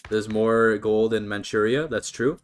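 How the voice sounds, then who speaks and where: Over soft background music, a man with a fairly low pitch talks a little slowly. He's a laid-back British Columbian streamer casually commentating a strategy game and chatting with his audience, reading and replying to their comments.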